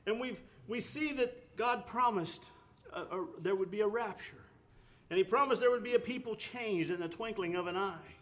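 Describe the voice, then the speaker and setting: A man's voice: high voice, normal speed. A man preaching a sermon, earnest, with rising emphatic bursts, often repeating words and restarting phrases.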